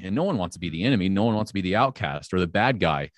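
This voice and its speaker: A man with a low-pitched voice rants bluntly and with plenty of swearing, chatting casually on a podcast. The sound is dry and close, with no room echo. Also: quick pace, hardly any pauses. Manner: blunt, profane, ranting. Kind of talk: casual heated podcast chat.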